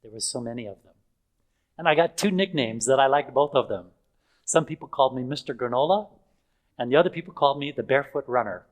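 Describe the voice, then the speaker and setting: A man's voice: medium pitch, lively intonation, quick pace, rough recording. Chuckling older male preacher telling stories. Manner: chatty storytelling with chuckles and fillers. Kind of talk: anecdotal sermon.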